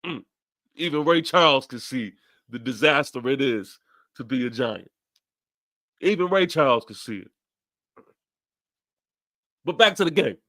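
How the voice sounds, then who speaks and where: A man's voice: mid-range voice, lively intonation, a little slow, pauses often, fairly bright tone. A young man with a New York accent hosting a fan podcast, ranting after a loss, emphatic and repeating his phrases. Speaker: podcast host. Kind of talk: fan post-game rant.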